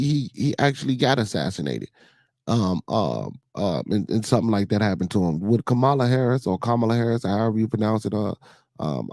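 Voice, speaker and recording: A man's voice: lowish voice, darkish tone, no echo. A man hosting a casual livestream chat, talking in a loose, rambling way with many fillers and a Chicago accent. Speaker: podcast host.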